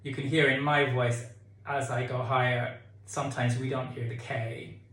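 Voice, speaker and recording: A man leading a choir tutorial, calmly explaining diction and sometimes singing phrases to show them. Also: mid-range voice, normal speed. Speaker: choir director. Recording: echoey room with keyboard.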